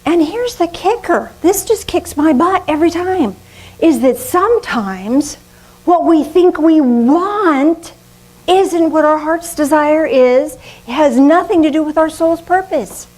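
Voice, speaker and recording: An older woman preaching a sermon in a lively, conversational way, often laughing at herself. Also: high-pitched, measured pace, rough recording. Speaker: minister.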